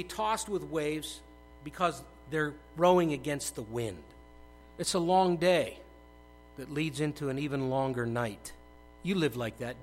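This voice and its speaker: A middle-aged male pastor preaching a conversational sermon, dropping to hushed asides and bursting into loud acted quotes. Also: high-pitched, low-quality recording.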